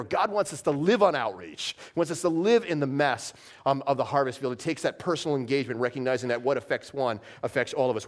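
A middle-aged man preaching a sermon, telling stories with animated swings from loud bursts down to quiet, heavy lows. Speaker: pastor.

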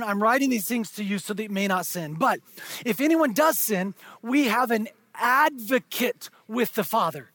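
A man preaching a sermon, moving between hushed, intimate asides and shouted, stretched-out emphasis. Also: extremely high pitch, slightly rough, no room sound. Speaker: pastor.

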